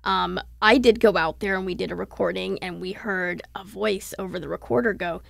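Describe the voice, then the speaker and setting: A woman shares local ghost legends on a podcast, unfolding each one in a measured storytelling way. Her voice is deeply fried and gravelly. The sound is dry and close. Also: steady tone, dry recording. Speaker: history reporter guest.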